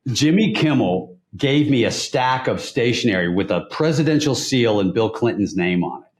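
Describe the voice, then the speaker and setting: A man chatting as a podcast guest, telling animated stories and laughing often. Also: medium pitch, normal speed. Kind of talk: casual podcast chat.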